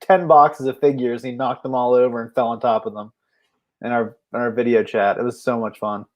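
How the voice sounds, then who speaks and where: A man's voice: mid-range voice, fairly even intonation, fairly quick. A man co-hosting a casual chat, telling stories and laughing often. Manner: chatty storyteller, laughs often. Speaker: co-host.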